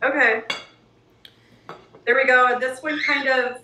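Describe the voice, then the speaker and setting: A woman's voice: high-pitched, steady tone, unhurried, sharp tone, a little hiss or hum. A woman co-hosting a cooking show, chatting casually and gushing enthusiastically about the food she is tasting. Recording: echoey room, mic at a distance.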